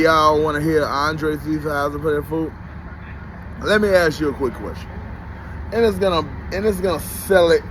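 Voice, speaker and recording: A man's voice: on the high side, background noise. A man in his forties ranting in an unscripted vlog, profane and rambling, often laughing. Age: 40s. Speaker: vlogger. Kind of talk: unscripted rant.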